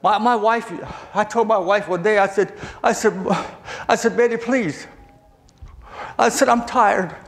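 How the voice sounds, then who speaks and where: An older man with a Southern accent and a very high voice preaches a testimony sermon. He talks in a folksy, halting way and often doubles back on his words. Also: steady tone. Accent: Southern American. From southern Virginia, USA.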